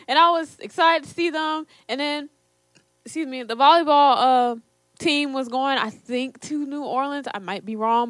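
A woman's voice: on the high side, a bit bright, clean tone, no echo. A young woman casually telling a personal story to camera, quoting her parents and often laughing as she talks. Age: young adult. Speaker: storyteller, co-host.

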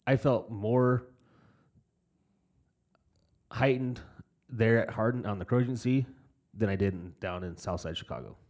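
A young man in casual podcast chat, cursing freely and rambling through stories. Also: low voice. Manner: profane, rambling storyteller. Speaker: podcast co-host.

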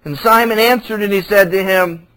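A pastor teaching a sermon through a Bible passage, retelling the scripture in everyday, conversational speech. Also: male voice, sits high, normal speed, pushed and bright, rough recording.

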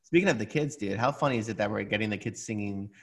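A man's voice: on the low side, fast, vocal fry, breathy edge. A middle-aged man co-hosting a podcast, chatting casually and upbeat, often calling his friend "dude" and "man". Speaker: podcast co-host. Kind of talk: casual chat.

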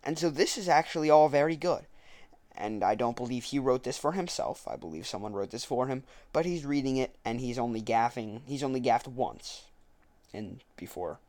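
A man's voice: mid-range voice, animated, moderate pace, a little mellow, no room sound. A man commenting on a political speech, arguing point by point and correcting his own slips. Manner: argumentative, self-correcting. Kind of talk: reading a speech aloud and commenting on it.

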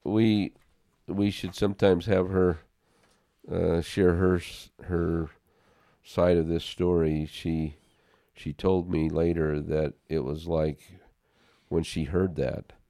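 A man's voice: low voice, level tone, takes it slowly, mellow, no room sound, studio quality. A man in a casual faith discussion, telling a personal story in an earnest way and often repeating words as he starts a sentence.

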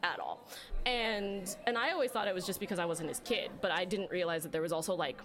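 A woman's voice: on the low side, fairly quick, over music. A woman hosting a casual podcast chat, candid and talkative, laughing often and swearing now and then. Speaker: podcast host.

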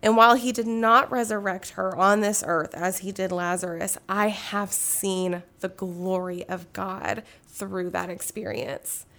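A young woman as an interview guest, speaking earnestly and emotionally about loss and reading scripture slowly and solemnly. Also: mid-range voice, fairly even intonation, a bit bright. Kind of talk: heartfelt personal testimony.

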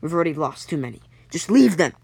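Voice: mid-range voice, fast talker, close to an everyday voice. A young storyteller voicing a cowardly ship captain, curt and dismissive, in a homemade story episode.

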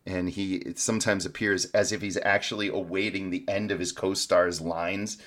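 A man with a fairly low voice delivers dry, sarcastic movie commentary as a podcast co-host. He often chuckles at his own lines. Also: level tone, moderate pace, fairly bright tone. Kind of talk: casual movie-review chat.

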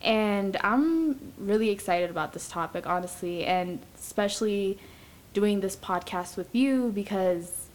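A young woman hosting a podcast, chatting casually in a low-key, somewhat monotone way and laughing easily. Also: unhurried. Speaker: podcast host.

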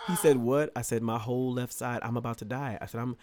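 Heard over background noise, a man with a mid-range voice speaks at a normal speed. Co-hosting a podcast, he animatedly relates a long comic story in casual conversation, often breaking into laughter and acting out people's lines.

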